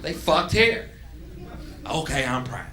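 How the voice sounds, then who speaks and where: A stand-up comedian ranting angrily on stage, swinging between loud outbursts and low mutters. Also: male voice, big pitch swings, takes it slowly, background noise.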